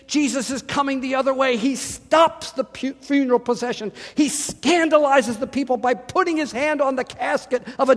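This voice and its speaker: A man preaching a sermon, dramatic, rising to loud emphatic lines when he quotes scripture. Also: very high-pitched. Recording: long hall reverb.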